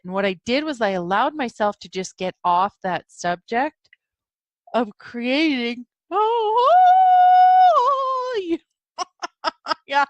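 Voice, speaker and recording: This podcast host talks casually by herself about spiritual notions, drifting between thoughts, giggling, and yawning from sleepiness. She has a medium-pitched, fairly bright voice, with no echo.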